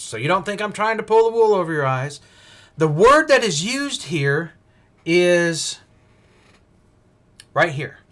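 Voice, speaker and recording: Slightly high-pitched and unscripted, a male host teaches the Bible casually on a livestream. He rambles and thinks out loud, restarting frequently and filling gaps with fillers.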